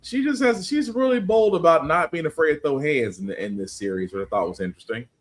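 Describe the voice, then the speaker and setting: A man's voice: on the high side, fast talker. A man co-hosting a podcast, chatting casually with rambling restarts. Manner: lively, laughing asides, rambling restarts. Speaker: podcast co-host. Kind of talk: casual chat.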